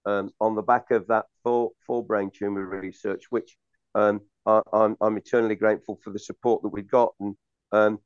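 A man's voice: fairly low pitch, clean tone, no room sound. Hesitant man host, dry muffled sound. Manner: hesitant, many fillers. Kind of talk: casual interview.

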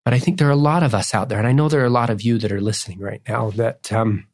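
A middle-aged man talks with earnest feeling and tears close to the surface, a cellist sharing family stories on a faith podcast. His voice sits at an ordinary pitch. He drifts into tangents and apologizes for getting weepy. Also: steady tone, rapid-fire, a little mellow. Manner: tearful, tangent-prone, earnest. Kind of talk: emotional interview storytelling.

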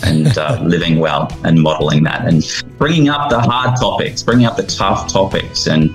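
A man speaking as a guest in an interview, heartfelt and earnest, animated when he retells scenes. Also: deep voice, moderate pace, soft background music, rough recording. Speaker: guest, founder of a fathers' ministry.

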